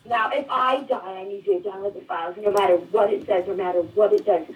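A man's voice: high voice, fast talker, recorded from a distance, muffled recording, lightly acted. A man playing a frightened young friend who is running at night, talking urgently over the phone and out of breath. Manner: breathless, urgent, whispering at times.

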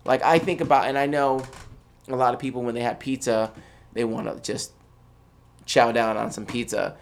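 A man's voice: mid-range voice, steady tone, moderate pace, gravelly. A man co-hosting a podcast in casual chat, blunt and opinionated with a joking edge. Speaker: podcast co-host.

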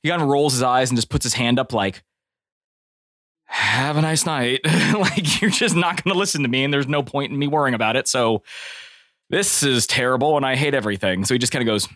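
A man banters with his tabletop group in a close, dry recording. He jokes freely and slips into a low, quiet in-character voice now and then. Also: fast, no room sound. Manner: joking, animated, drops low and quiet in character. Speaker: player. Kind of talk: tabletop role-play banter.

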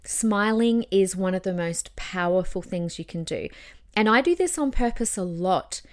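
A young woman talks through a casual advice podcast in an encouraging, upbeat way. She keeps demonstrating changes in her own voice as she goes, at a middling pitch. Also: expressive, normal speed. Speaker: podcast host and voice coach.

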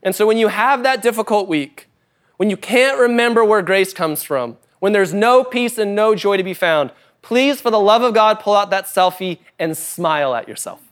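A pastor preaching in a loose, conversational way, with a voice a little higher than most men's. He pushes some points out loudly and emphatically, then drops to a soft, quiet tone for others. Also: animated, moderate pace, clear, resonant tone. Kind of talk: sermon. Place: church service before a congregation.

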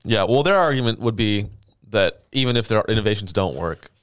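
A man's voice: on the low side, lively intonation, a little fast, no room sound, clean studio sound. A man co-hosting a podcast in casual chat, blunt and swearing freely. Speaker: podcast co-host.

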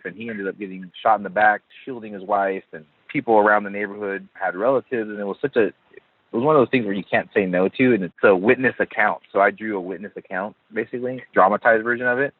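A man guesting on an interview, a comic artist who tells stories in an animated way and laughs often. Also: fairly low pitch, quick pace, husky, no echo. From Southern California. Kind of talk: casual interview chat. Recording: tinny phone-line audio, dry.

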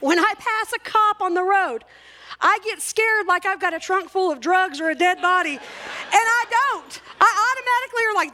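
A church speaker in her forties talks at normal speed in a very high voice with a sharp tone. Her talk to the church crowd is chatty, self-deprecating and full of jokes, meant to be humorous.

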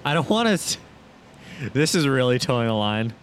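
A man's voice: medium pitch, very animated, moderate pace, slight background noise. A man co-hosting a casual sports chat, blunt and profane, often breaking into laughter. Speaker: podcast co-host.

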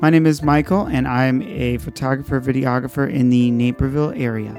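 A man's voice: mid-range voice, steady tone, fairly quick, music in the background. A man being interviewed, answering in a playful, candid and cheerfully profane way. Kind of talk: casual street interview.

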